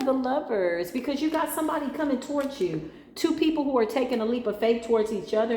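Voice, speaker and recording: A woman's voice: medium pitch, a little mellow, slight background noise. Slangy, emphatic woman giving a tarot reading. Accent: mixed Spanglish accent. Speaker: tarot reader. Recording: echoey room with faint ambience.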